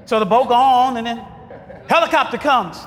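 High-voiced preacher in a reverberant hall. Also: male voice, moderate pace. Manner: call-and-response questions, bursts of shouting. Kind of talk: sermon. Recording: long reverb of a large hall.

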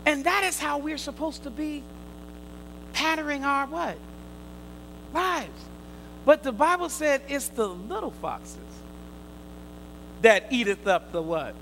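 A man preaching a sermon, quizzing his listeners in call and response, swinging from loud emphatic bursts to quiet asides. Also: very high voice, expressive, slow pace, creaky, pauses often, slight background noise, rough recording.

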